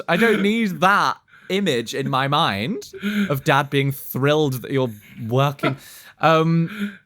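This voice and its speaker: A man's voice: fairly high pitch, lively intonation, takes it slowly, fairly bright tone, no room sound. Wry man giving dry podcast advice. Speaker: podcast co-host. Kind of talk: casual comedic chat.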